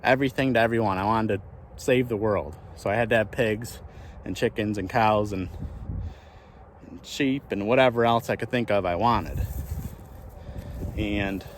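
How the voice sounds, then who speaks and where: Walking outdoors through his pasture, a small farmer and channel host talks in a casual way, thinking aloud with frequent restarts. He has a lowish voice and speaks at a moderate pace, with slight background noise.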